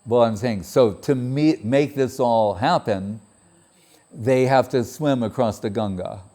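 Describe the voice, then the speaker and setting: A man with a mellow, relaxed voice gives a spiritual talk as a story. He quotes others in a raised, higher voice and laughs often along the way. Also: a little slow. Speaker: spiritual speaker.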